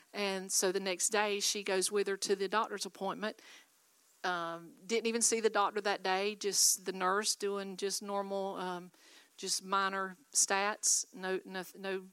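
A woman's voice: medium pitch, fairly bright tone, smooth, no room sound. A woman preaching a sermon, exhorting her listeners and asking for their responses. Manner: exhorting, call-and-response with audience. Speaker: guest speaker.

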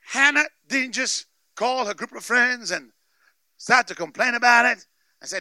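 A man preaching a sermon with emphatic call-and-response, often shouting for emphasis. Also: very high-pitched, moderate pace, no echo. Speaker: pastor.

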